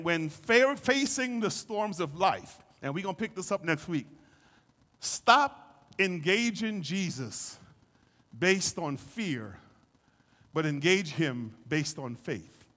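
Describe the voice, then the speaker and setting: A man preaching a sermon as pastor, building from calm teaching to shouted fervor and acting out the voices in the story. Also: a little high, long reverb tail. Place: church sanctuary.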